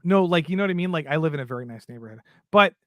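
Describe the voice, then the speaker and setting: A man co-hosting in relaxed chat, quick to laugh and throwing in short agreements. His voice sits a little higher than most men's. The recording is dry, with no room sound. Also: no room sound. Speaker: podcast co-host. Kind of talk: casual chat.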